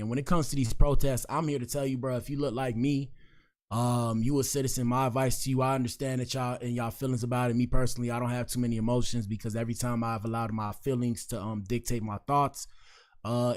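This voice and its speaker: A man's voice: mid-range voice, darkish tone. Slangy man hosting commentary. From Miami, Florida. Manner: loose, slangy, joking, drawn-out asides. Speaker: podcast host. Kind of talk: casual commentary show.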